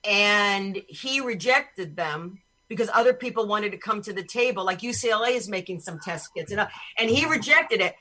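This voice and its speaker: A podcast host talking casually over a video call, this woman rants in a blunt, profane way. Her mid-range voice is expressive, pushed and bright, moving at a moderate pace with hardly any pauses, and the recording is low quality.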